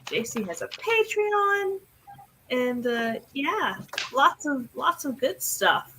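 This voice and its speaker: Woman stream host, bright and upbeat, slightly high voice, faint noise behind. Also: big pitch swings, slow pace, rough recording. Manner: upbeat, laughs often, reads out chat comments. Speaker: host of a live writing stream. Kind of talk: casual group chat on a livestream.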